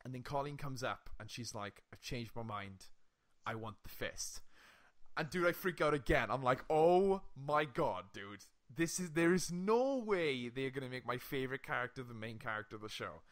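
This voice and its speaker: A young man co-hosting a casual podcast, retelling a TV episode with lively swearing and frequent laughs. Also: medium pitch, moderate pace. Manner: animated storytelling, swearing, laughing often. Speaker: podcast co-host. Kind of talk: casual chat.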